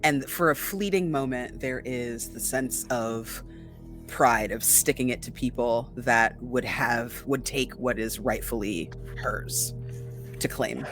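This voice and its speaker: A tabletop player describes their character's moves in steady, mid-pitched narration. Faint music sits behind the voice. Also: slow.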